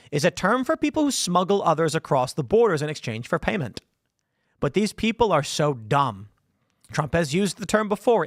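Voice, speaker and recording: A man hosts a live political stream in a sarcastic, mocking tone. His voice sits a little high and swings widely in pitch. The sound is close and dry, with almost no room around it. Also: a bit bright, no room sound. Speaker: political show host. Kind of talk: opinionated live-stream commentary.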